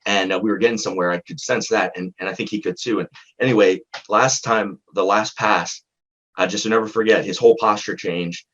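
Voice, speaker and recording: A man, a psychologist, recounting a therapy case in conversation, in a halting, earnest way with frequent restarts. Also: on the low side, fairly even intonation, fairly bright tone, lo-fi sound.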